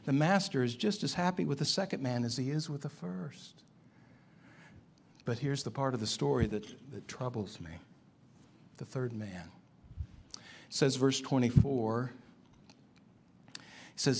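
A man preaching a sermon, emphatic and building to animated climaxes. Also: medium pitch, measured pace, vocal fry, long pauses. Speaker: pastor.

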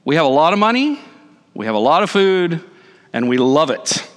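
A man in his forties, a pastor giving a conversational sermon with animated, self-deprecating asides. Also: fairly high pitch, moderate pace. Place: church sanctuary. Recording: reverberant church hall.

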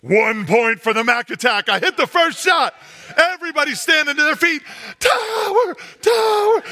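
A man preaching a sermon, telling a comic story as an animated storyteller who drops to a hush for effect. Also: extremely high pitch, normal speed.

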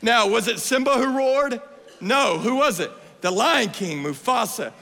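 Male preacher, 30s, bright and forceful, playful build to shouts, big hall echo. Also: very high voice, unhurried, vocal fry. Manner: playful, energetic, rising to shouts. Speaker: guest preacher. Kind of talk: sermon. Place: church sanctuary. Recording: long hall reverb.

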